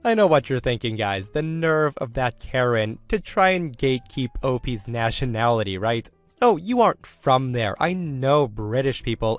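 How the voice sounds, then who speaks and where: Narrator: man, mid-pitched, even scripted read, faint music bed underneath. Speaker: story narrator.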